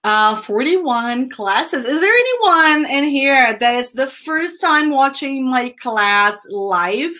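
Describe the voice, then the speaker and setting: A woman's voice: on the high side, a bit bright. A young Brazilian woman with a Brazilian Portuguese accent, teaching English in a chatty, upbeat live online lesson. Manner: chatty, upbeat, laughs often.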